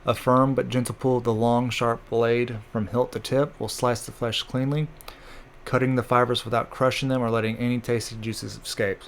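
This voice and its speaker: A man's voice: medium pitch, little pitch movement, moderate pace, a little hiss or hum, natural voice. A man reading the lines of a confident young male cook who is explaining a knife.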